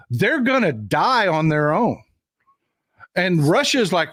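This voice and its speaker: A male host chatting casually, telling stories in a rambling, animated way full of restarts. His voice sits a bit high. The sound is dry and close, with no room around it. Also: slow, pauses often, no room sound. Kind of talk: casual political chat.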